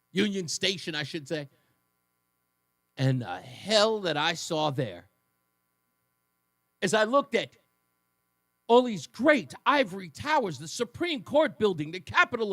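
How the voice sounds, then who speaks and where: A man in his fifties hosts a talk radio show, telling personal stories in a high, lively voice that leaps up and down. He slips in sarcastic asides. The studio sound is dry and close. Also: no echo. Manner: animated storytelling with sarcastic asides. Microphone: studio microphone.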